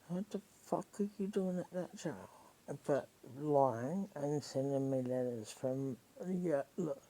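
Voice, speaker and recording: A woman's voice: low voice, takes it slowly, mellow, low-quality recording. An Australian woman telling a personal story in a casual monologue, rambling, swearing freely and emotionally raw.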